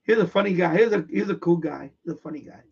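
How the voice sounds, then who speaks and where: A man's voice: high voice, fast talker, gravelly, a little mellow, breathy edge. A man hosting a live stream, telling a story in a rambling, repetitive way with lots of restarts. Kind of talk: casual live-stream chat. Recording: far from mic, dull lo-fi sound.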